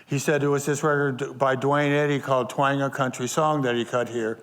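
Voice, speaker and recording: A man's voice: mid-range voice, flat delivery, brisk, fairly bright tone. An older man, a guest musician, telling a rambling story in an interview with lots of fillers and restarts.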